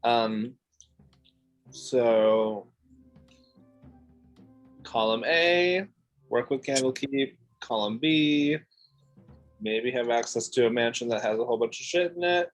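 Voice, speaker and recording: A man speaks in character during a tabletop role-play session. He sounds diplomatic and sets out his options one after another in a deliberate way. Faint music plays in the background. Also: mid-range voice, low-quality recording. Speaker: tabletop game player.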